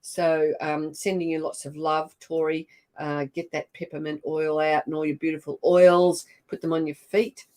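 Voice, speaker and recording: A woman's voice: low-pitched, flat delivery, normal speed, darkish tone. An older woman with an Australian accent, hosting a casual livestream and greeting viewers by name in an effusive, chatty way. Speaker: livestream host. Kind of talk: casual live-stream chat.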